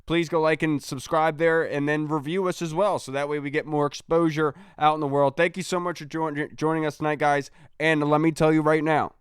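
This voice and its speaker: Upbeat man hosting a podcast, smooth voice. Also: fairly high pitch, flat delivery, brisk, hardly any pauses, no echo, clean studio sound. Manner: upbeat sign-off patter. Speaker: podcast host. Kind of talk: casual podcast chat.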